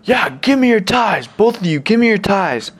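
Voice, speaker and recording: Man doing a high, shouty drunk street guy. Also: very animated, moderate pace, slightly rough, exaggerated voice. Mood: demanding. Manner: high, strained, shouting demands. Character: drunk, drugged-up man on the street, menacing and erratic.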